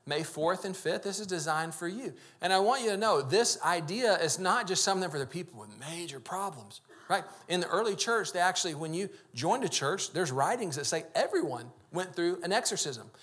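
A man preaching a sermon, telling a personal story with lively swings between loud, animated moments and hushed, quiet ones. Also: sits high, brisk, hardly any pauses. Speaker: pastor.

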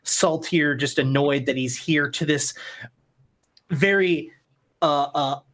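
A woman narrating a tabletop role-playing game as game master, in a relaxed, meandering way with frequent fillers. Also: low-pitched, slow pace.

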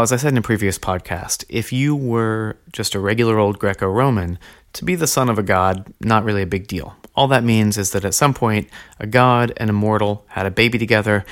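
Low-voiced man teaching a scripture podcast. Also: fairly bright tone. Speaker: podcast host teaching on early Christianity.

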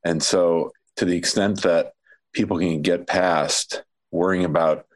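A man's voice: sits low, steady tone, a little slow. A man with a nasal voice and a slight lisp that makes his S sounds whistle, talking plainly and reassuringly as a podcast co-host. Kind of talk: casual podcast chat.

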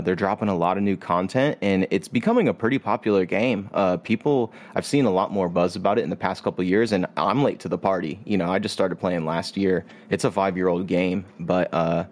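A man's voice: sits low, brisk, few pauses, a little mellow. A man hosting a casual podcast chat, explaining a video game at length with plenty of fillers. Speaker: podcast host. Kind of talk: casual chat about games.

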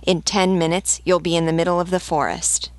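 A woman's voice: lowish voice, level tone, dry recording, lightly acted. A woman reading the lines of a loyal male servant who urges everyone to hurry. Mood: urgent. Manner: urgent, hurried.

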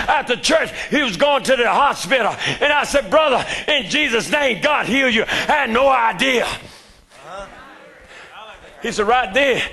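An older man preaching a fervent sermon in a church, shouting his lines and calling out to the congregation. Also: very high voice, husky.

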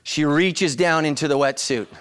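A middle-aged man, a pastor, preaching an animated comic sermon full of storytelling, shouts and acted voices. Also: fairly high pitch, normal speed, smooth, no echo.

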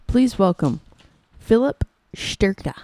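Deadpan woman hosting a comedy podcast. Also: medium pitch, slow pace, dry recording. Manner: deadpan and dry. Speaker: podcast host. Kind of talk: improvised comedy interview.

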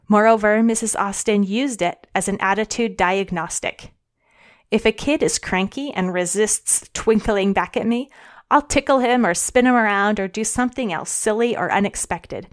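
A middle-aged woman reading her audio blog as a podcast host, cheerful and earnest. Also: medium pitch.

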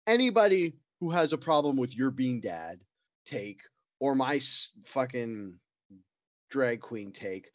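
A man's voice: medium pitch, animated, slow, no echo, highs cut off. A man co-hosting a podcast, rambling and swearing in casual chat. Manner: rambling, swearing, laughing often. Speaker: podcast co-host.

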